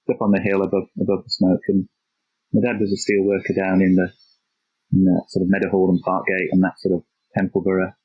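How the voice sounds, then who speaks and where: A man in his fifties with a faint Yorkshire accent, a podcast guest chatting reflectively and haltingly, with many restarts. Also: deep voice, monotone, husky, no echo. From Yorkshire, England. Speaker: podcast guest, geography teacher. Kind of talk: casual interview chat. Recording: dull lo-fi dry remote recording.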